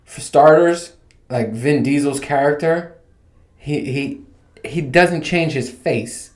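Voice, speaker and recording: Taking it slowly in a slightly high voice, a man in his thirties rants through his casual solo podcast, telling animated, rambling stories laced with swearing. He's in a home room with bare walls, and the untreated space makes it echoey.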